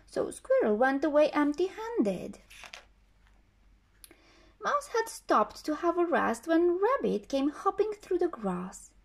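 A woman reading a children's story aloud as a storyteller, slow and expressive with a sing-song delivery. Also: sits high, creaky.

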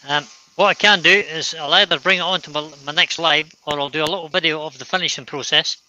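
A man's voice: a little high, steady tone, fast talker, pushed and bright, slight background noise, poor audio. A Scottish man hosting a live stream while he works, chatting casually, thinking aloud and picking at his own work. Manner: thinks aloud, self-critical and easygoing. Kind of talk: casual chat while working.

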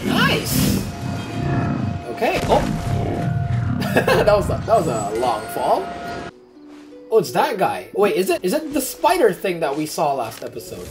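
A gamer giving casual commentary while playing, reacting loudly and swearing freely. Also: mid-range voice, wildly swooping pitch, normal speed, pauses often. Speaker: gamer playing through a game. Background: game music.

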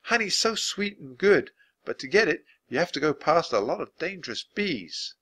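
Eager little storybook girl, high and chirpy, lively up-and-down lilt; a man voices her. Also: normal speed. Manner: high, bubbly and sing-song.

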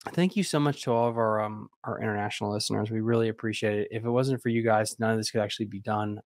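A man co-hosting a podcast in casual chat, excitable and laughing often. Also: on the low side, fast talker, no room sound, clean studio sound. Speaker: podcast co-host.

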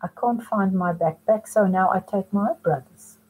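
Very breathy woman teaching French. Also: medium pitch, normal speed, darkish tone, low-quality recording. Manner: patient, explains step by step, mixing in French phrases. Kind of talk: remote lesson for students.

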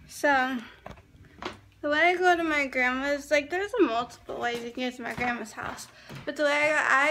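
A woman's voice: high voice, fairly bright tone, slight background noise. A young woman vlogging in a chatty, rambling way, full of fillers, talking into a handheld phone camera. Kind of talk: casual vlog chat.

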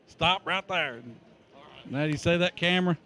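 A man's voice: on the high side, bright, forceful tone, slight background noise. Folksy man greeting arrivals. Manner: folksy, joking, friendly instructions. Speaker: greeter at the prom entrance. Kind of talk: casual on-camera greeting.

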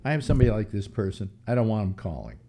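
A man's voice: fairly low pitch, big pitch swings, rapid-fire, vocal fry, mellow. A man in his seventies hosting a casual talk show, rambling through philosophical musings with frequent restarts. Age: 70s. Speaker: host.

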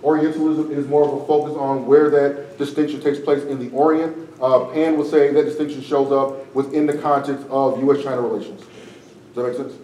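A man's voice: mid-range voice, little pitch movement, a little fast, warm tone. A man with a tiring, strained voice giving a casual classroom lecture as a debate instructor, often tagging his sentences with "right?". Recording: echoey room, far from the mic, faint noise.

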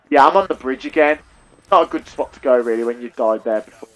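A man's voice: medium pitch, fast talker, fairly bright tone. A young man with an English accent giving chatty, self-deprecating live commentary over a headset mic while he plays a shooter. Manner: chatty, self-deprecating, talks to viewers as "guys". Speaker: gaming YouTuber.

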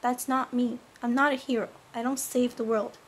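A young woman voicing a teenage cartoon girl who defensively pushes away an old friend, loud and insistent. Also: fairly high pitch, flat delivery, normal speed, slightly rough.

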